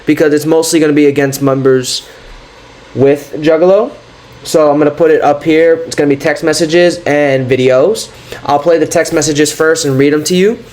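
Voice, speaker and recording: A man's voice: on the high side, a little mellow. Sarcastic young-sounding male commentator. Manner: sarcastic, mocking. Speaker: commentary creator. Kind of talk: casual commentary reading texts aloud.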